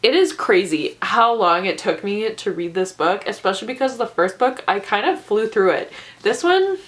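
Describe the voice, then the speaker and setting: A woman's voice: mid-range voice, animated, normal speed, a bit bright. Ranting woman reviewing books. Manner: ranting, exaggerated, laughs often. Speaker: book reviewer. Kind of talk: casual book review vlog.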